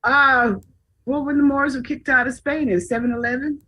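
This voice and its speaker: Woman panelist, husky voice, halting delivery. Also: high voice, fairly even intonation, pushed and bright, rough recording. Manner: hesitant, searching for words. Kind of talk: casual group discussion.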